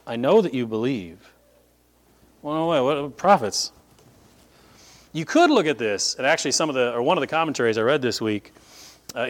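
A middle-aged male pastor delivering a sermon from the pulpit. He tells stories with animated shifts, slipping into the voices of the people he quotes. His voice sits in an ordinary middle pitch.

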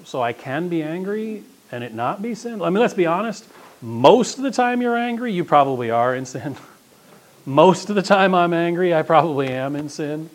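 A man's voice: fairly high pitch, lively intonation, normal speed. A man preaching a sermon as pastor, talking in a conversational, emphatic way.

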